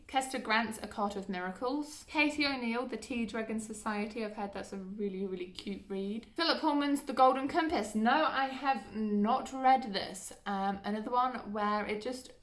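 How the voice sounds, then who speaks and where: A young woman vlogging at home, chatting casually as she lists books and adds self-deprecating asides. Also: a little high. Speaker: book vlogger. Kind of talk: casual book list vlog.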